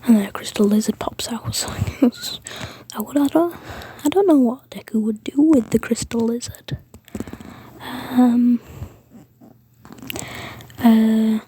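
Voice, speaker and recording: A woman's voice: on the high side, takes it slowly, long pauses, warm tone, slight background noise. A woman whispering a rambling story, with frequent fillers and restarts.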